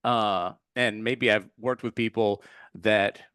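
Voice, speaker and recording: A meditation teacher appears as a podcast guest, telling stories in an earnest, heartfelt interview style with filler words, restarts, and self-corrections. His voice sits on the low side, slow and fairly even, clear and resonant with a bit of brightness, in studio quality with no room sound.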